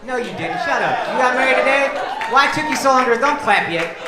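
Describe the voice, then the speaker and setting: A brash stand-up comedian in his thirties works the crowd with profane mock outrage. His voice rings through an echoey club over loud audience laughter and constant room noise. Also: very high-pitched, expressive, brisk.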